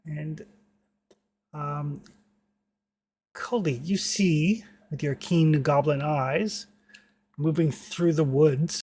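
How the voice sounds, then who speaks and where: A man running a tabletop game as game master, narrating with many pauses and fillers. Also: on the high side, fairly even intonation, warm tone. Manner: hesitant, filler-heavy narration.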